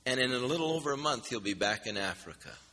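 A man preaching a sermon, telling a personal story in a folksy, animated way and acting out the dialogue. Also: mid-range voice, fast talker, in a large hall. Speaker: pastor.

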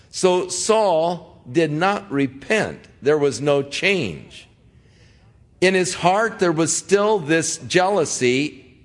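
A middle-aged male pastor who talks in an easy, conversational way. His unhurried delivery gives each point room. He slips into the voices of the people he describes to make his point. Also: fairly high pitch. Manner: conversational preaching, acting out quoted voices. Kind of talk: sermon.

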